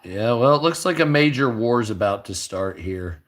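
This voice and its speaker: Tired guy swearing a lot while reacting to news clips, mid-pitched voice. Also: expressive, moderate pace, a bit bright. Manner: blunt and heavily profane, reading headlines aloud. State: tired, low energy. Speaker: online news commentator. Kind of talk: casual reaction commentary.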